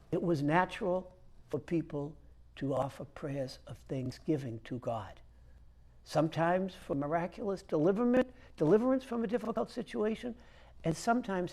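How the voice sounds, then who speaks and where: A man who is a Catholic priest, giving a conversational homily with storytelling and frequent hesitant pauses. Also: a little high, a little mellow.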